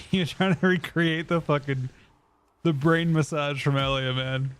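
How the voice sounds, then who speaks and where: A man's voice: fairly high pitch, steady tone, slow pace, a bit bright, clean tone. A young man streaming a video game, thinking aloud and swearing casually to his chat. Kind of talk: casual live-stream commentary.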